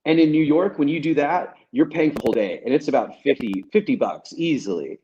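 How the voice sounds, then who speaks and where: A man, a guest comic, telling stories in a casual, animated way and laughing as he goes. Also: fairly high pitch, a little fast, muffled recording. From United States. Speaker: guest comedian. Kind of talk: casual storytelling.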